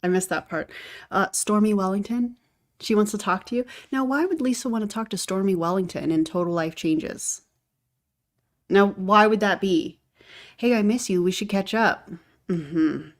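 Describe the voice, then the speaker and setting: A woman's voice: mid-range voice, moderate pace. A woman giving reaction commentary on a video, sarcastic and exasperated in her asides.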